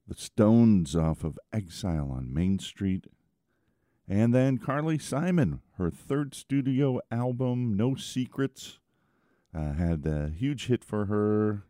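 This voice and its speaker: Middle-aged radio dj guy, deep gravelly voice, easygoing chatter between songs. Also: warm tone, no room sound, clean studio sound. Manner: laid-back, chatty, frequent uh fillers. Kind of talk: casual radio show patter.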